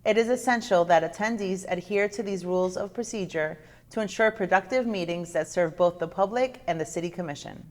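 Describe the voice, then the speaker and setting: A woman formally reading out the rules of conduct for a city commission meeting, measured and slowing down for code numbers. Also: on the low side. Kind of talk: formal read-aloud announcement.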